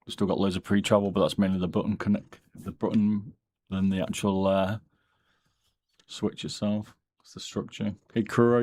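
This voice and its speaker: Brief: low-pitched male streamer, relaxed and rambling, casual chat with viewers. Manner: relaxed, rambling, answers chat between asides. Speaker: streamer and mouse modder. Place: home, during a live stream.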